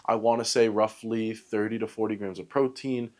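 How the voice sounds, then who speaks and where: Low-voiced man vlogging casually. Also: steady tone, moderate pace, a little mellow. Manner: rambling, upbeat, self-joking with many fillers. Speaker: fitness vlogger. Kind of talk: casual talk to camera.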